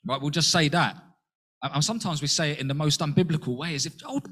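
A man preaching a sermon in an earnest way, asking rhetorical questions and jumping up in pitch to act out quotes. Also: fast talker, a bit bright.

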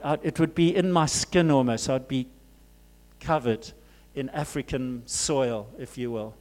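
A man preaching a sermon to his congregation as pastor, grew up in Zimbabwe, swinging from loud urgent cries to soft hushed asides. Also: mid-range voice.

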